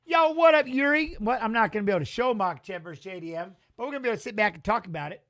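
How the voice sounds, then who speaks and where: A man with a notably high, bright voice hosts a live watch-along stream of a fight, talking at a racing speed. Excitable, slangy, and joking, he reacts both to the action and to chat in this casual commentary.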